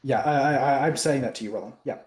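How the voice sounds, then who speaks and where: A man's voice: mid-range voice, fast, a little mellow. Rambling man in an echoey room. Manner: rambling, many fillers. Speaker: player. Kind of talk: casual tabletop game chat.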